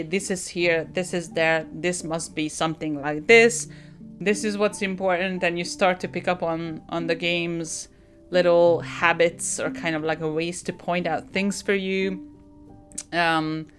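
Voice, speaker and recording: A woman's voice: medium pitch, clear, resonant tone. A woman game streamer casually reviewing a game she just finished, thinking aloud with many fillers and restarts.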